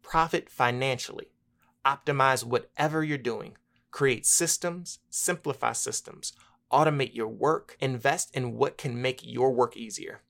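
A man's voice: medium pitch, unhurried, gravelly, a bit bright. A man from Washington, D.C. co-hosting a motivational podcast, building his points in rhythmic lists of parallel phrases. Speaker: podcast co-host. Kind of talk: casual motivational podcast chat.

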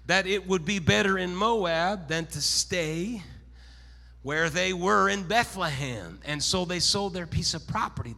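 A man preaching a sermon to a congregation in church, moving from calm, steady teaching to loud, shouted, sing-song exhortation. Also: high-pitched, vocal fry, big-room sound. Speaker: pastor. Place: church sanctuary.

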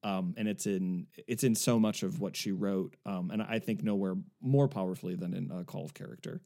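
A man's voice: sits low, fairly quick, warm tone. A man co-hosting an academic podcast, speaking hesitantly with many fillers and repeated words. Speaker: podcast co-host.

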